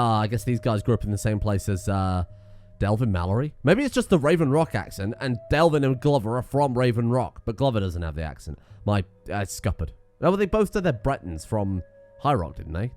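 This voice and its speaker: A man's voice: medium pitch, sing-song, brisk, darkish tone, faint music behind. A British man doing casual, sarcastic let's-play commentary, swearing and laughing in asides as a gaming streamer.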